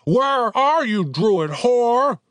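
A man's voice: sits high, big pitch swings, a little slow, fairly bright tone, dry recording, pitched above the performer's own voice, exaggerated voice. A man voicing a pedantic, mocking male forest troll in an audiobook. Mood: taunting. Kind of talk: audiobook character voice.

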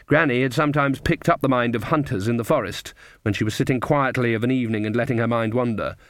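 A man narrating an audiobook in a measured, deliberate storytelling manner. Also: mid-range voice, no room sound, clean studio sound.

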